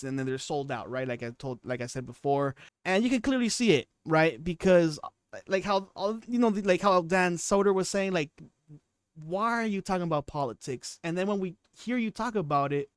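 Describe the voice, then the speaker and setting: A man's voice: fairly high pitch, smooth, no room sound, studio quality. A man in his twenties giving casual commentary on his channel, rambling and often restarting his sentences. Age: 20s. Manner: rambling, restarts and repeats himself. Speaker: commentary YouTuber.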